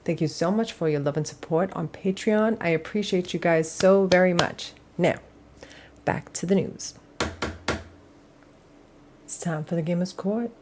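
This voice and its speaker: A woman's voice: lowish voice, a little slow, long pauses, noisy background. A young adult woman hosting a gaming news show in casual commentary, sassy and dramatic, swearing freely.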